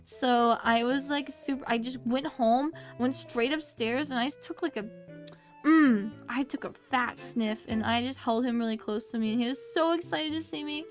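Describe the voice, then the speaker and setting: A woman's voice: high-pitched, normal speed, faint music behind. A young woman streaming casually, rambling and bubbly, breaking into baby-talk squeals and muttering counts under her breath as she plays. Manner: mutters counts quietly while concentrating. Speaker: VTuber streamer. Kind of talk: casual livestream chat while gaming.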